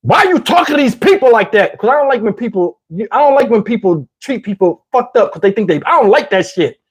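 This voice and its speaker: A man from Camden with a New Jersey accent, telling a crude, lively story with lots of asides, on a lapel mic. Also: extremely high pitch, fairly quick, breathy edge. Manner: profane, animated, lots of asides. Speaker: channel host. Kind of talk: comedic storytelling.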